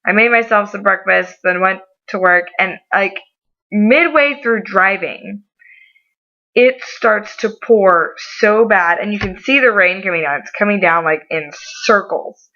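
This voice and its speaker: A young adult woman telling a story in a casual vlog, animated and given to over-the-top dramatizing. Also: medium pitch, a little slow. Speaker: vlogger. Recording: slightly muffled lo-fi audio.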